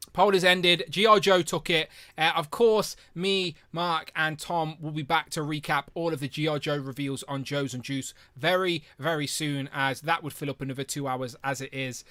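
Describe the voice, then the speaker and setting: Bright, chatty man hosting a stream. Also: a little high, no room sound. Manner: chatty, reads out viewer comments, jokey and excitable. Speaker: live stream host. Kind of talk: casual live stream chat.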